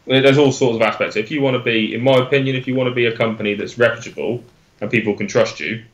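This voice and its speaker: Young man, Oxfordshire accent, guest on live stream, rambling, self-correcting, mid pitch. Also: steady tone, fast, dull audio. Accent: Oxfordshire English. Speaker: guest, e-liquid maker. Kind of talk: casual live-stream chat.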